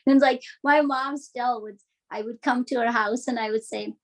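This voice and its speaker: A woman in her thirties from Nepal, a Nepali native speaker, on the guest side of an interview. Her voice sits a touch high. She talks in a chatty, storytelling way, laughs often and acts out the things people said. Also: fairly even intonation, moderate pace, poor audio. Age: 30s. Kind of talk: casual conversational storytelling.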